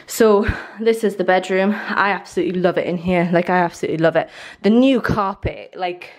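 A woman's voice: lowish voice, fairly quick. A woman in her twenties talking casually to the camera as she walks around her new home, rambling and filling gaps with "like". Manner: chatty and rambling, many "like" fillers. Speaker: lifestyle vlogger. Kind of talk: casual vlog chat to camera. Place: indoors in a newly moved-into house.

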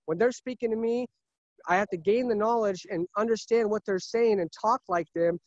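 A man's voice: high voice, moderate pace, a little mellow, dry recording, lo-fi sound. A man who sells cars, talking earnestly and emphatically in a casual interview, often repeating himself. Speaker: car salesman.

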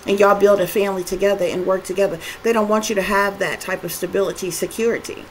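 A woman delivering a spiritual tarot reading straight to her viewers. Her voice sits at a middle pitch and she speaks emphatically, piling up long repetitive lists and swearing often. A faint background noise runs under her voice. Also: steady tone, fast talker, poor audio. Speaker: tarot reader.

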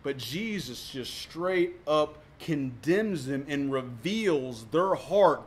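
A man preaching a sermon as pastor, emphatic, with sharp swings between loud and soft, often repeating words for emphasis. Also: fairly high pitch, lively intonation, a little slow, few pauses.

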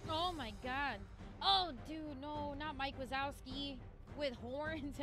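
High-voiced excitable woman gaming. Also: slow pace. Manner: excitable, exclaiming and groaning at the game. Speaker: gaming streamer. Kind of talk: live gameplay commentary. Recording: voice over loud game music.

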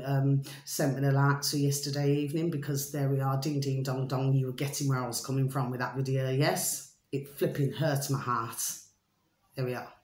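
A woman, rambling to camera in a chatty, digressive monologue, repeating the same pet phrase for her viewers. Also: sits low. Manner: chatty, repetitive, keeps saying "my delicious little babies"; loose and digressive with many fillers. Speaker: vlogger. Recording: roomy echo.

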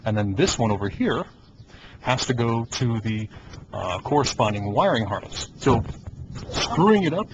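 A man's voice: medium pitch, moderate pace. A man giving an easygoing, hands-on demonstration beside a car engine, coaching helpers and chuckling often. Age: adult. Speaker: conversion kit installer. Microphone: camcorder microphone. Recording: dull lo-fi camcorder audio with steady noise.

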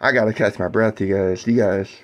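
A man doing live play-by-play of a basketball game for his stream, whooping and shouting on big plays and chatting mellowly with his viewers between plays. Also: lowish voice, fairly even intonation, brisk.

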